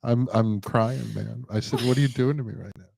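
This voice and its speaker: A man's voice: medium pitch, fairly even intonation, gravelly, a little mellow, dry recording. A man hosting a casual chat, cutting in with teasing remarks. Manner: teasing, quick interjections.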